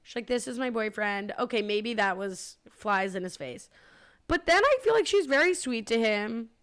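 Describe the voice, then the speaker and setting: A woman's voice: fairly high pitch, animated, moderate pace, a bit bright. Woman, podcast host, casual chat, chatty, leads the discussion. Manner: chatty, leads the discussion, reads listener questions.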